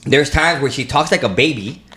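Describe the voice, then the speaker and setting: A man's voice: medium pitch, lively intonation, moderate pace, sharp tone. A man hosting a casual podcast, telling a story in a rambling way, with frequent restarts and laughter. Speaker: podcast host.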